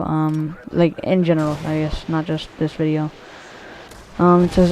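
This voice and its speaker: Slight background noise sits under a woman's lowish, mellow voice, delivered flatly at normal speed. Commentating on a shooter game, she wanders from point to point, swears freely, and fills her talk with ums and false starts.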